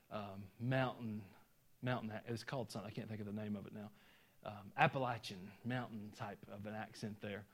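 A middle-aged man with a Southern Georgia accent preaching a sermon, folksy and self-deprecating, telling personal stories with chuckling asides. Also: medium pitch. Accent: Southern US (Georgia, some Tennessee). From Georgia, USA. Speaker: pastor.

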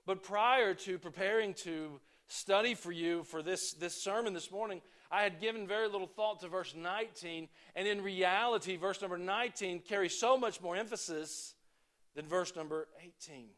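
A man's voice: sits high, moderate pace. Conversational man preaching a sermon. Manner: conversational preaching, swinging between emphatic and quiet asides. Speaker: pastor.

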